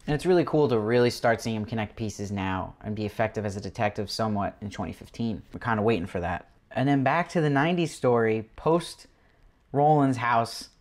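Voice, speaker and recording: A man's voice: fairly low pitch, a little fast. A man hosting his own TV review show, talking casually through an episode and quoting characters in passing. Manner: animated, quotes characters in passing. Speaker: TV review host.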